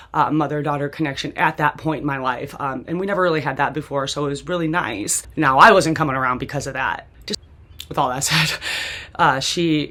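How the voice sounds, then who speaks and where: With a rumbling low voice and a fairly bright tone, a woman host recounts a personal story from memory. She's casual and rambling, with constant "like," frequent restarts and the odd swear word.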